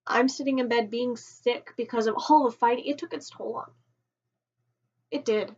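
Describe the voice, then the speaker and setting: A woman telling a personal story on a vlog, emotional and halting, often restarting her sentences. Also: fairly high pitch, a little mellow, husky. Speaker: vlogger. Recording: dull lo-fi home recording.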